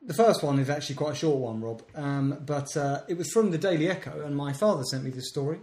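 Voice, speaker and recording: An English man co-hosting a podcast, chatting casually with dry, deadpan humour. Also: a little high, fast talker. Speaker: podcast co-host. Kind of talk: casual chat. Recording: echoey room.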